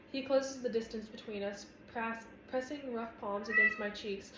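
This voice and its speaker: Woman narrator, first-person audiobook, earnest reading, mid-pitched voice, echoey room. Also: fairly even intonation, a little fast, few pauses, background noise.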